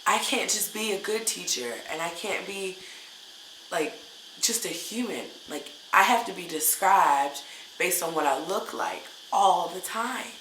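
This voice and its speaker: A woman's voice: fairly low pitch, expressive, unhurried, a bit bright, slight background noise. A woman teacher venting in a casual vlog, upset and full of hesitant fillers. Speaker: English teacher. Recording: roomy echo.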